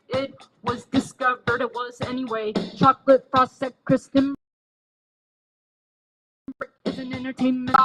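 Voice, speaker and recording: A woman with a high voice hosts a casual live stream, reading out viewer comments and chatting back at them. Her pitch stays fairly level, with clear music playing behind her. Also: a bit bright, poor audio. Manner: reads viewer comments aloud and answers them.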